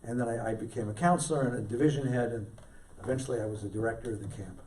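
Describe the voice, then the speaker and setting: A man's voice: mid-range voice, racing, recorded from a distance. Man telling stories in an echoey hall. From California, USA. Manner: warm anecdotal storyteller with self-deprecating humour. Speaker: rabbi, guest scholar. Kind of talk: storytelling talk to a congregation. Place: synagogue hall. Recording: roomy hall, mic from afar.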